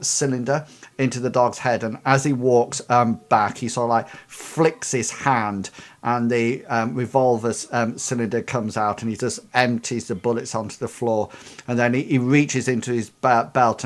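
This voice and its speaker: A man narrating as game master of a tabletop game, with a hesitant delivery full of restarts. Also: medium pitch. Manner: hesitant, many fillers and restarts.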